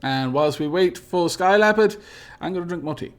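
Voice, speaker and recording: A man's voice: high voice, normal speed. A man streaming a space game live, reading event text aloud theatrically and answering chat in polite, formal phrasing.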